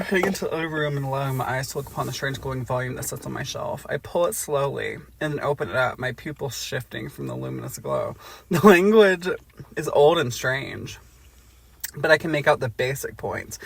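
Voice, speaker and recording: Husky, gravelly man reading aloud for laughs, joking asides between passages. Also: mid-range voice, fairly bright tone. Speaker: podcast co-host. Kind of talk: comedic reading of a book aloud.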